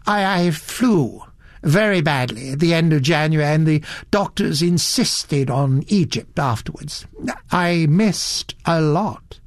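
Man doing a polite elderly gentleman. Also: on the high side, animated, slow, dry recording, studio quality, voice pushed up. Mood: regretful. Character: elderly refined gentleman, observant, mildly regretful.

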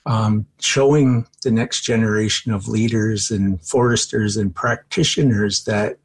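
A man with a husky, slightly low voice speaks in an interview about training future foresters. He talks in a thoughtful, measured way and pauses often with ums and uhs. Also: fairly even intonation. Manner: thoughtful, measured, frequent fillers. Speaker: college forestry educator. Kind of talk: interview answers.

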